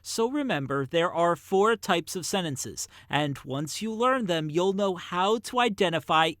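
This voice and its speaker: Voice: medium pitch, expressive, unhurried, fairly bright tone, no room sound, studio quality. A narrator of a children's educational video, reading a scripted lesson in an enthusiastic, encouraging way that speaks straight to young viewers.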